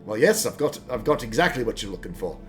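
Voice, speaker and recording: A man's voice: on the low side, very animated, fast, soft background music. A man voicing a friendly male tea and tobacco merchant with a hint of a lost Scottish lilt. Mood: salesy. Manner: warm salesman patter, failed Scottish lilt.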